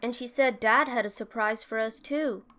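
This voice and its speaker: A woman's voice: a little high, moderate pace, bright, forceful tone. A woman voicing a curious, chatty young girl in a fan game dub. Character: young girl waiting for her sister.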